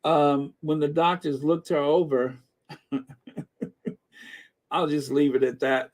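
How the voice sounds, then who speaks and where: A middle-aged man from the Midwest talks his way through a casual livestream in a fairly high voice. He reads viewer comments aloud at an unhurried pace, filling gaps with ums and easy chuckles. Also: steady tone, a little mellow. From American Midwest. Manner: chatty, laughs often, reads comments aloud with frequent fillers. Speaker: host reading live chat.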